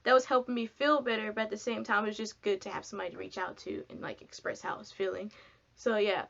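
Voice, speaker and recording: A woman's voice: mid-range voice, steady tone, quick pace, vocal fry, a bit bright, lo-fi sound. A young woman telling a long, rambling storytime for her vlog, full of fillers and casual swearing. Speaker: vlogger. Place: home, sitting down.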